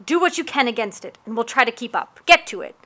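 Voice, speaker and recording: A bold female ship captain bellows commands through a raging storm in a storybook tale, as a woman reader puts her on. Her voice rides high and bright, loud and urgent, every order clipped and forceful. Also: animated, fast. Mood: commanding. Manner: barking orders over a storm.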